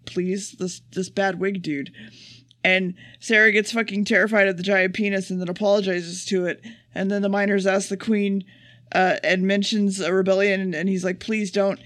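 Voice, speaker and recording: A man's voice: high-pitched, sharp tone, no room sound, clean studio sound. A man co-hosting a podcast, recapping an episode in a casual, profane, sarcastic way. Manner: profane, sarcastic, rapid plot summary. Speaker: podcast co-host.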